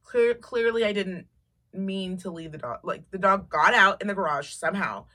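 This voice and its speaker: A woman co-hosting a casual podcast chat, an animated storyteller who swears freely and acts out quotes. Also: fairly low pitch, normal speed. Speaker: podcast co-host.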